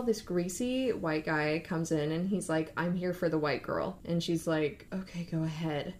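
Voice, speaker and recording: A young woman co-hosting a podcast, casually retelling a story and acting out the quotes with lively shifts in her voice. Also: on the low side. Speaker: podcast co-host.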